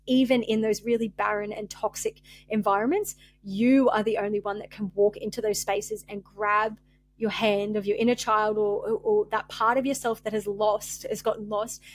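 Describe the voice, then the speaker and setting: A young woman hosts a spiritual podcast, speaking in a candid, rambling monologue that is open-hearted, full of fillers, emotional and close to tears. Her voice is medium-pitched, with no echo.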